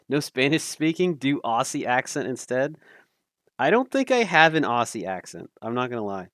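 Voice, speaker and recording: A man casually commentating a live stream, thinking aloud with fillers, self-deprecating and quick to laugh. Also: mid-range voice, sing-song, fairly bright tone, no room sound, clean studio sound.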